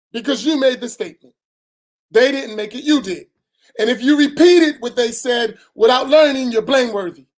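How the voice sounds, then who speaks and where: A man, an imam teaching a religious lesson in a direct, admonishing way, often tagging "right?" onto his points. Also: very high-pitched.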